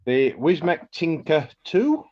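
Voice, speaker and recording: A man in a casual online group chat, slowly listing his gear with pauses. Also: on the high side, very animated. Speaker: podcast co-host. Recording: dull lo-fi call audio.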